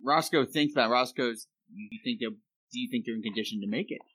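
A man playing a tabletop game, talking in an earnest, measured way. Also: mid-range voice, fairly bright tone, breathy edge, no room sound, low-quality recording. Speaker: player. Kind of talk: casual tabletop game chat.

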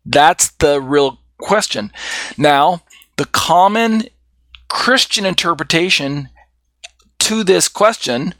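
A man's voice: a little high, animated, slow, pauses often, fairly bright tone, no echo. A man teaching a Bible study in an explanatory way, with frequent fillers and restarts.

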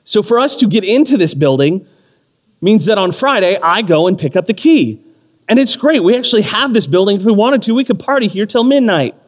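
Man, 30s, pastor; lively, self-mocking sermon storyteller, slightly high voice, long hall reverb. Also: brisk. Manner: animated storytelling with self-deprecating humor. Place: church or community hall.

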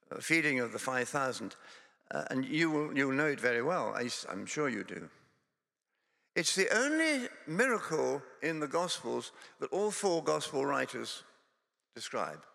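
A man's voice: on the high side, big pitch swings, normal speed, vocal fry, sharp tone, big-room sound. A Scottish man preaching a sermon in a church, conversational and self-deprecating, with digressions and humorous storytelling. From Scotland.

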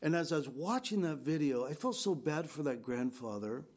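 A man's voice: a little high, lively intonation, normal speed. Earnest older man preaching. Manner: earnest, exhorting. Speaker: pastor. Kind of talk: conversational sermon.

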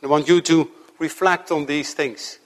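Guy preaching earnestly, kinda high voice, long church echo. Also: fairly even intonation. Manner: earnest, measured preaching with slow emphatic stretches. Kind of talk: sermon.

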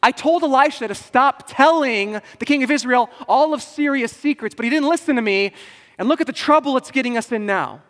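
A man voicing a panicked young male servant, frantic, high and loud. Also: sing-song, normal speed, gravelly, slightly rough, full character voice. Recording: long hall reverb.

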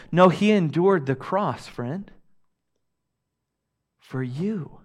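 A young man preaching a sermon with earnest emphasis, rising loud on key phrases and dropping to a hush on others. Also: a little high, lively intonation, extremely slow, pauses often. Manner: earnest preaching, swings between loud emphasis and soft hushed lines. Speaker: pastor.

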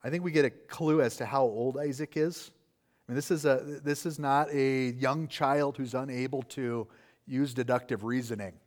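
Male preacher, mid-pitched, earnest and explanatory, asks rhetorical questions. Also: fairly even intonation, normal speed. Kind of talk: expository sermon.

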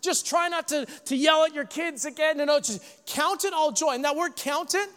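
A very high-pitched man preaches in a church, his voice trailing a long reverb through the hall. He swings from hushed, earnest phrases to shouted ones and slips in quick jokes to the congregation. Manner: jokey asides to the congregation. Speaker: pastor. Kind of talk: sermon.

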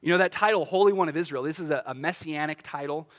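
This middle-aged pastor preaches in the church sanctuary with a quick pace and a voice on the high side. His delivery is relaxed and lively, broken up by laughter and restarted phrases.

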